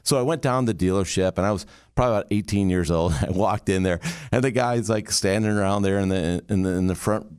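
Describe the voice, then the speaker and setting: Lively motivational storyteller man. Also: sits low, quick pace, hardly any pauses, clear, resonant tone. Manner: lively, punchy, coaching delivery. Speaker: communication speaker.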